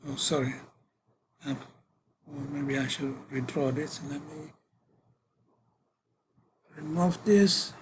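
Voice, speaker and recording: A man giving a university physics lecture, working through equations in a halting way with many fillers and self-corrections. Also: on the high side, a little hiss or hum, poor audio.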